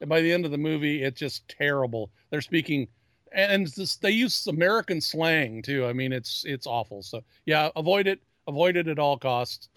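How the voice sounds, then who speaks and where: A man's voice: fairly high pitch, animated, moderate pace, fairly bright tone, dry recording. Geeky guy rambling on a podcast, keeps restarting, dry close mic. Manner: rambling, repeats words and restarts often; self-described geek. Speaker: podcast co-host. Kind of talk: casual chat.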